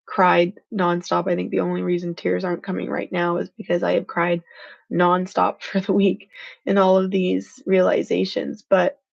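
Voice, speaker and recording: A woman's voice: fairly low pitch, completely flat delivery, normal speed, gravelly, muffled recording. A woman hosting a motivational live stream, speaking earnestly and with feeling, stressing points with "freaking". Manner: earnest, heartfelt and emotional, says "freaking" for emphasis.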